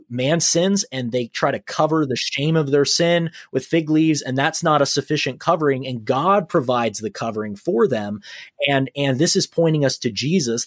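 A man, a pastor, telling a story with animated energy during a podcast chat. His pitch sits in an ordinary middle range. The sound is dry, with no room echo. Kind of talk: podcast conversation.

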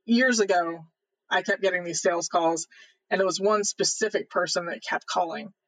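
A man, a podcast guest, earnestly telling a personal faith story in a casual, animated way. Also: sits high, normal speed, low-quality recording.

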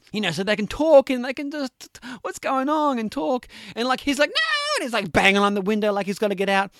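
A young man casually retelling a film plot, rambling and animated, with many "like"s and "you know"s. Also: high-pitched, no room sound, clean studio sound. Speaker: podcast talker recapping films. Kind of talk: casual chat.

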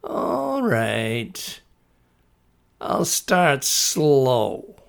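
A man's voice: medium pitch, huge pitch swings, creaky, full character voice. A man doing a menacing, taunting monster voice. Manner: taunting, drawn-out, with a menacing lilt. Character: menacing deep-voiced monster hiding in a cloakroom.

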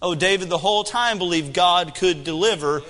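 A man in his thirties preaching a sermon with animated delivery and humor. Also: high voice, normal speed, in a large hall. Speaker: pastor.

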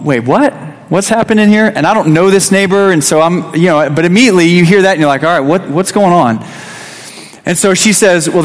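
A man's voice: on the high side, big-room sound. A man in his thirties, a youth pastor, giving a conversational sermon with a personal story, restarting phrases and acting out quotes. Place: church sanctuary.

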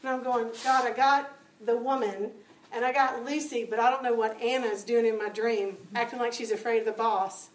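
A woman giving a spoken testimony to a church audience, telling stories with lively acted-out dialogue. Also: on the high side, moderate pace. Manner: animated storytelling, acting out dialogue. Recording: echoey room, distant mic, faint noise.

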